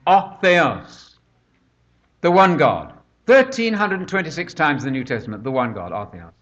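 Older man, sermon, conversational, rhetorical questions, higher-pitched, dull lo-fi sound. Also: sing-song, moderate pace, fairly bright tone. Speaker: preacher. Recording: dull lo-fi recording.

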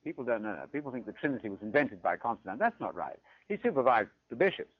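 A husky, medium-pitched British man lectures quickly and animatedly on theology, often checking in with "right?" There's no echo, and the recording itself is dry, dull and lo-fi.

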